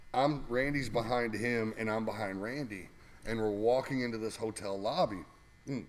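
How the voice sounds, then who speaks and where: A man casually telling rambling, laughing anecdotes as a guest co-host, with lots of fillers. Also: lowish voice. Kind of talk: casual storytelling.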